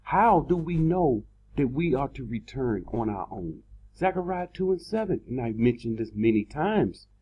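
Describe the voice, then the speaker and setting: A man preaching a sermon in an online video, emphatic, repeating words and slowing down to stress his points. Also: mid-range voice, big pitch swings, slightly rough, highs cut off.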